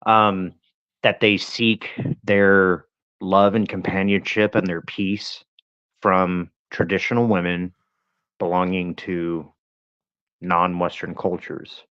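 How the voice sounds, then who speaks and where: A man's voice: sits low, little pitch movement, slow pace, a bit bright, clear, resonant tone. A man co-hosting a casual livestream, dry and laughing along with the host. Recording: dull lo-fi sound.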